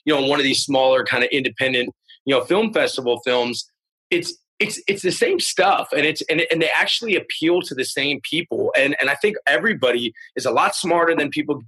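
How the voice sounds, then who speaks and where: A man talks as a guest in a relaxed interview, earnest and searching. His voice is forceful and a bit husky, and his sentences keep stalling and restarting before he lands the point. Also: on the high side. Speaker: actor as podcast guest. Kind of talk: casual interview conversation.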